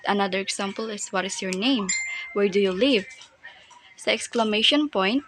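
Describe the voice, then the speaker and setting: A woman with a Filipino accent teaching a grammar lesson, reading aloud slowly with fillers and restarts. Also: medium pitch, background noise. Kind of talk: classroom lesson.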